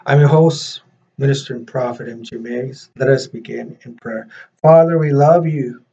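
A man, a minister and host, leading prayer and reading scripture in a halting way, repeating words with many fillers. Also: mid-range voice, vocal fry, husky. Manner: reads scripture slower and louder. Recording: dull lo-fi recording.

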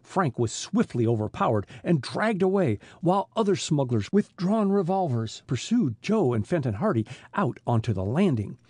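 A man narrating an adventure audiobook in an expressive reading style. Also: on the high side, normal speed, few pauses, husky, dry recording. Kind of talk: scripted narration.

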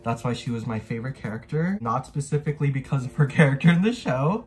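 Young man, YouTuber, casual vlog chat, gushing and excitable, mid-pitched voice, faint music underneath. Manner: bubbly, gushing, full of "like" fillers.

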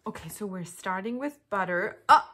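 A woman chatting casually to camera while unboxing, gushing and excitable, breaking into gasps and laughs. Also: mid-range voice, normal speed, slight background noise. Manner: chatty and rambling, with fillers and restarts. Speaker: vlogger.

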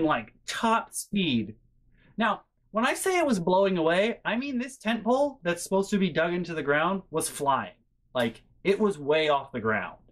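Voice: mid-range voice, a bit bright. A vlogger telling a casual story from their bedroom, rambling with many fillers, swearing freely, and sounding exasperated and incredulous. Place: bedroom at home.

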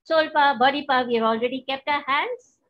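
A woman leading a guided healing practice, gentle and instructive, often checking that her listeners follow. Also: high voice, quick pace. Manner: gentle, instructive, asks for confirmation. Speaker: spiritual teacher. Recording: dull, lo-fi.

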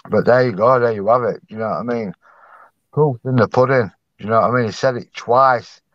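A man's voice: medium pitch, a little fast, no echo, lo-fi sound. A man ranting angrily in commentary, swearing hard and often asking "do you know what I mean".

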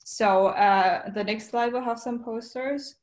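A female student presenting a campaign pitch on a video call, upbeat with many fillers. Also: measured pace, darkish tone. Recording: echoey room on a video call.

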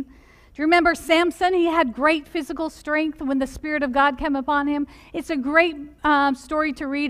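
High-voiced woman preaching earnestly. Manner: earnest, asks the listeners many direct questions. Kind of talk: sermon. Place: church sanctuary.

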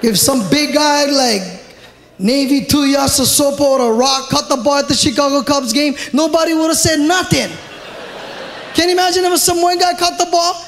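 A man with a Hawaiian Pidgin-tinged accent doing loud, animated live stand-up in a large theatre. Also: extremely high pitch, normal speed, big-room sound. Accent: Hawaiian Pidgin-tinged English. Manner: loud, animated, shouting punchlines. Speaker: stand-up comedian. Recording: live theatre recording with audience noise.

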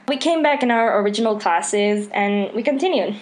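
A woman's voice: fairly high pitch, normal speed, few pauses. A teenage girl from Mexico, earnestly telling a personal story about her school in a casual way. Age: teens.

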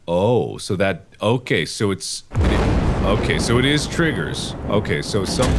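Young guy doing let's-play commentary, slow and drawn out, big swoopy excitable reactions. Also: lowish voice, slight background noise. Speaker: gaming video host.

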